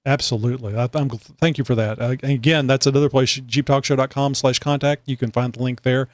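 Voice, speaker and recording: A male podcast host talks in loose, rambling, casual chat full of fillers. His voice sits at an ordinary pitch for a man. The sound is dry and close, with no room around it. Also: fairly even intonation, fast talker, no room sound. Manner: rambling, chatty, many fillers.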